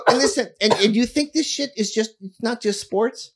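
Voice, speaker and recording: A man's voice: very high-pitched, moderate pace, a loud crowd. A middle-aged man, a podcast guest, telling stories casually, laughing often and swearing freely. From United States. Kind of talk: casual storytelling.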